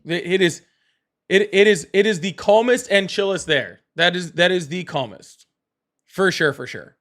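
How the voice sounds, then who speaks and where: A Southern man with a slightly raised pitch hosts a casual live stream and takes callers. He is blunt and teasing, and he laughs often between remarks. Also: normal speed, a bit bright. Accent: Southern American. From American South. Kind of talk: casual live call-in chat.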